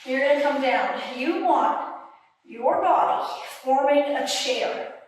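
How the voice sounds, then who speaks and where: A young woman with a high voice leads an exercise demonstration at an unhurried pace, counting reps aloud and getting out of breath as she works. Her voice comes from well away from the mic in a very echoey room. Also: lively intonation, far from the mic, a little hiss or hum. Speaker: fitness instructor.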